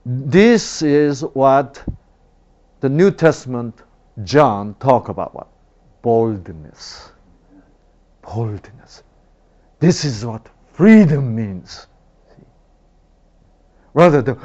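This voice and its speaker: Man preaching, lively swooping pitch, slow delivery, dull lo-fi sound. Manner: animated, rhetorical questions, swings from loud to hushed. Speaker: father. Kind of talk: sermon.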